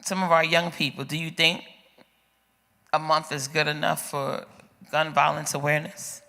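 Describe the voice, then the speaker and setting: High gravelly man moderating a forum. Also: little pitch movement, normal speed, pushed and bright. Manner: asks the audience pointed questions, urging them up. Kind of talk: moderating an open-mic community forum. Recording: echoey hall.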